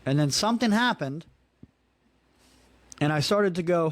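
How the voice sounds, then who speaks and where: A man's voice: fairly high pitch, animated, measured pace, pauses often, dry recording. A man in his thirties hosting a solo podcast, ranting in a casual, profane, frustrated way and peppering his talk with "dude" and "man". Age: 30s. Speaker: podcast host.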